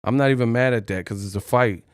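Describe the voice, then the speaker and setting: A man's voice: medium pitch, fast, smooth, no room sound, clean studio sound. A man hosting a boxing live stream, joking and laughing often as he does impressions. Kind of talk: casual live-stream commentary.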